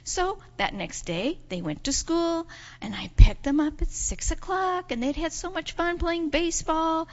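A woman telling a children's story in church, animated and expressive, putting on voices for the people in her tale. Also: measured pace. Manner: expressive, acts out voices with big pitch jumps. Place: church sanctuary. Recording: dull sound in a reverberant church hall.

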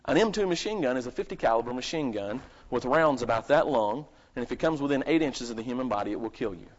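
A man's voice: mid-range voice, animated, fast talker. Emphatic male preacher on a lo-fi recording. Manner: swings between loud, emphatic bursts and quiet asides; asks the congregation rhetorical questions. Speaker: pastor. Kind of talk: live sermon. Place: church service. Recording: lo-fi dull recording.

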